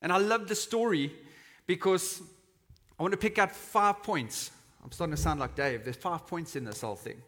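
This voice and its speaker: A man's voice: high voice, normal speed. A man preaching a sermon in a church hall, talking conversationally and acting out the quotes in a raised voice. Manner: conversational, dramatizes quotes with shouting. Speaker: pastor. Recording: long reverb of a church hall.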